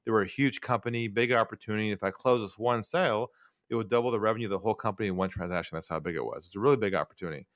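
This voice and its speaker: A man's voice: fairly low pitch, racing, no echo, studio quality. A man speaking as a podcast guest, telling stories and acting out bits of dialogue as he goes. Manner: animated storyteller acting out dialogue. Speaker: podcast guest, sales trainer. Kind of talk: storytelling interview talk.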